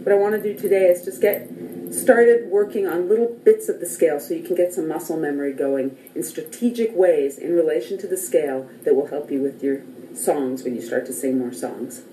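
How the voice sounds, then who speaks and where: A woman teaching a casual singing lesson beside a piano, speaking and singing scale notes in her low morning voice. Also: a little fast, mellow, echoey room, a little hiss or hum, rough recording. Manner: friendly, counts and sings scale notes. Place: relative's house, near a piano.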